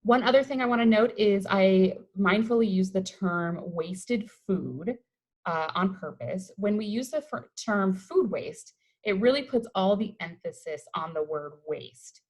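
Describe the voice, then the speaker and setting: A woman's voice: mid-range voice, moderate pace, few pauses, low-quality recording. A woman from Colorado, a waste-reduction educator, giving an upbeat, conversational webinar presentation over a video call. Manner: upbeat, conversational, enthusiastic about the topic.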